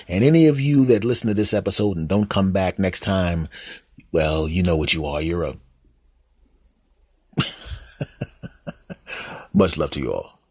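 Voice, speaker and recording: A man's voice: deep voice, husky, no echo, clean studio sound. A man hosting a comedy podcast, delivering a teasing, sarcastic monologue straight to his listeners. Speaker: podcast host. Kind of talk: comic monologue.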